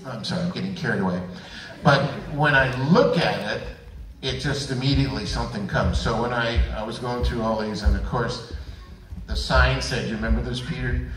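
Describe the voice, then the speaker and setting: A man's voice: medium pitch, fairly even intonation, moderate pace, fairly bright tone, a little hiss or hum. A male voice actor on a convention panel, telling rambling, playful stories. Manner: rambling, playful storyteller who slips into voices. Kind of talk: anecdotal panel talk. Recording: echoey convention hall, distant mic, crowd.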